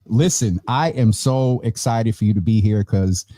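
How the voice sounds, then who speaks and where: A tired man hosting a relaxed, chatty online show from a warm room at home, laughing now and then. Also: fairly low pitch, moderate pace, no room sound. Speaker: host. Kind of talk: casual chat. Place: hot room at home with vents and fan. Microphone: phone or video call.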